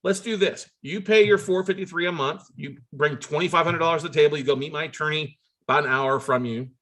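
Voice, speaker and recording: A man telling a long story in a conversational way, acting out phone calls with sudden jumps up in pitch and often restarting his words. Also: fast, sharp tone. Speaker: note investor telling a story.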